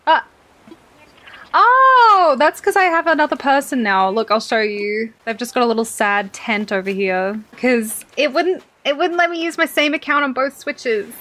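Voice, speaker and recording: A young Australian woman chatting over a game as a streamer, excitable, swearing freely and laughing often. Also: high-pitched, moderate pace. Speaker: gaming streamer. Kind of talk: casual game commentary.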